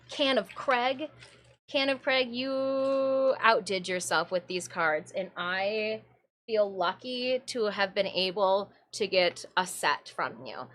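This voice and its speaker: A woman from Michigan chatting casually on a live stream, an excitable storyteller who keeps breaking into laughter. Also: mid-range voice, a little hiss or hum. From Michigan, USA. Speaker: streamer and cosplayer.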